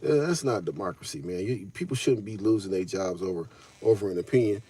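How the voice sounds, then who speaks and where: A man's voice: sits low, brisk, dark tone, slightly rough. A man hosting a live stream, talking loosely in slang and answering his chat. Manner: loose slangy talk, addresses chat directly. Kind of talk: casual live-stream commentary.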